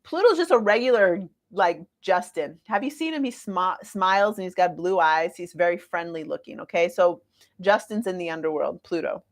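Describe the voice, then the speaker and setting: A woman in her forties giving a casual astrology talk to viewers, chatty and lively with playful asides. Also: on the low side, moderate pace. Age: 40s.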